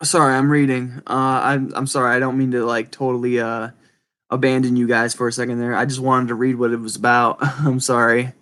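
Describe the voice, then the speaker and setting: A man with a speech impediment chatting casually and rambling to viewers, halting and apologetic, often restarting his words. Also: mid-range voice, little pitch movement, a bit bright, clear, resonant tone. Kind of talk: casual rambling livestream chat.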